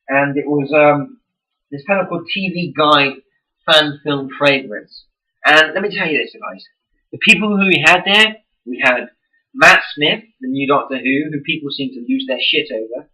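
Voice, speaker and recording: A man's voice: on the high side, sharp tone, far from the mic, low-quality recording. A young man in a casual vlog, ranting with heavy swearing and exasperation. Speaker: vlogger.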